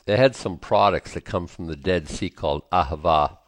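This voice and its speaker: A man teaching a Bible study, reading scripture aloud and then explaining it in an unhurried way, with frequent ums and small asides. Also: deep voice, no room sound. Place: indoors, presenting to a screen.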